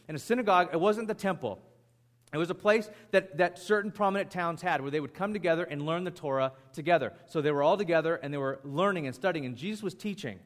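Guy preaching a sermon, kinda high voice, animated and chatty. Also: quick pace. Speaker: pastor.

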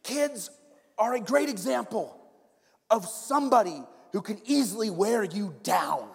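A man's voice: high voice, lively intonation, unhurried, vocal fry, husky. A man preaching a sermon as pastor, conversational and humorous, often checking in with his listeners. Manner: humorous, conversational, keeps asking "right?". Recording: long reverb in a big hall.

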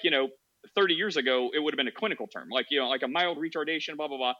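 Joking male podcast host, bright forceful voice, dry lo-fi sound, rambling storyteller. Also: fairly high pitch, rapid-fire. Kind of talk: casual chat.

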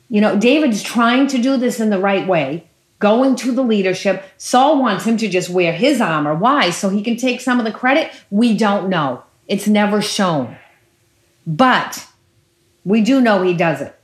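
Emphatic woman preacher, mid-pitched, retelling scripture with a roomy echo. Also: measured pace. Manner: animated, emphatic storytelling with repetition. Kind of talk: sermon.

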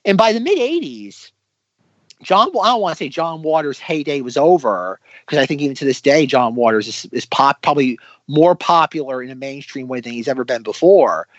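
A man's voice: mid-range voice, brisk, dry recording. A man co-hosting a film podcast, talking casually and thoughtfully, correcting himself as he goes. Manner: thoughtful, lively, self-correcting. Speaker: podcast co-host. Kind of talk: casual film review chat. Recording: dry, slightly muffled audio.

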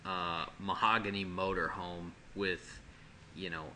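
A man's voice: low voice, flat delivery, a little slow, pushed and bright, a little hiss or hum. A man in casual podcast chat, joking and rambling with frequent restarts.

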